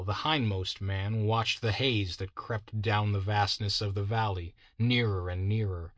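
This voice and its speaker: A man reading a story aloud in steady, measured narration. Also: fairly low pitch, no room sound. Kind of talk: scripted narration.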